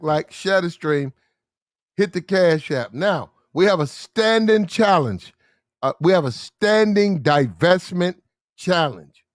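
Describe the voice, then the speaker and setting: A man's voice: sits high, no room sound, studio quality. A man hosting a casual livestream, telling stories in a loose, slangy drawl. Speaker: stream host.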